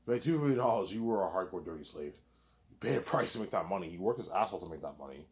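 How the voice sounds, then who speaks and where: Fast-talking low-voiced rambling man. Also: expressive, a little mellow. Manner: repetitive and profane, says 'obviously' a lot. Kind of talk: rambling solo monologue.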